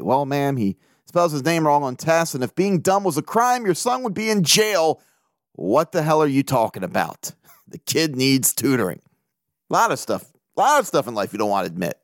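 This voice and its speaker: A man's voice: a little high, big pitch swings, a little fast, no echo, studio quality. A man from the area, hosting a casual sports podcast, brash and joking and swearing freely. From Baltimore area. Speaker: podcast host.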